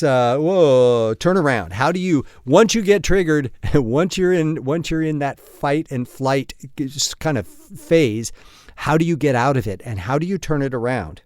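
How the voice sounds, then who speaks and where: A man hosts his own podcast, talking in a blunt, profane, self-mocking way and breaking into chuckles along the way. His voice sits at an ordinary middle pitch, and it is recorded close and dry with almost no room sound. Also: a little mellow, no echo. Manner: self-deprecating storyteller. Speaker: podcast host. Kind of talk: casual solo podcast monologue.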